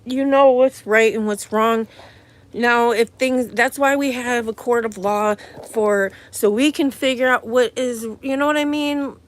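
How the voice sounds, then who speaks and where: Unhurried, high-pitched woman streamer, rambling casual chat. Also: fairly even intonation. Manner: rambling, loose, thinking aloud. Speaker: livestreamer and mother.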